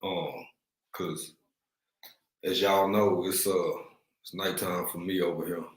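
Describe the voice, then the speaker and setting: A man's voice: sits low, little pitch movement, takes it slowly, echoey room, low-quality recording. A man from East Texas with a Texan accent, hosting a casual livestream chat, laid-back and slangy, greeting viewers by name. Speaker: livestream host. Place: room at home, in Africa.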